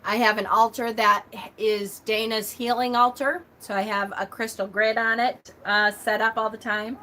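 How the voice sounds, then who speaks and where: A middle-aged woman teaching a casual livestream lesson, chatty and quick with lots of fillers, coughing now and then. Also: on the high side, flat delivery, a little hiss or hum. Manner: chatty, talks a lot and loudly and quickly, frequent fillers. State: coughing at times.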